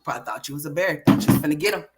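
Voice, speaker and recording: A woman from Oklahoma hosting a livestream, telling a story in a loose, animated and profane way, dropping to low mutters and rising to loud exclamations. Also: racing, over loud music. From Oklahoma, USA. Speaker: livestream host.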